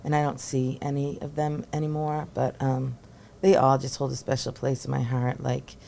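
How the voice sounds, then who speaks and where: Low-voiced woman in her forties, gravelly. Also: level tone, normal speed, mellow, a little hiss or hum. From Massachusetts. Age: 40s. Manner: chatty, laughing, many fillers like "like". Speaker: guest, teacher and former social worker. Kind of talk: casual interview chat.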